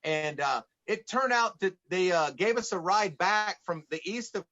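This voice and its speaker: A high, bright man's voice from Atlanta, spinning casual stories as a podcast guest. He acts out the people in his tales as he goes. The audio is a little dull and muffled. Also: normal speed. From United States, Atlanta. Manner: lively anecdotes, acts out quoted dialogue. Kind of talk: casual storytelling in conversation.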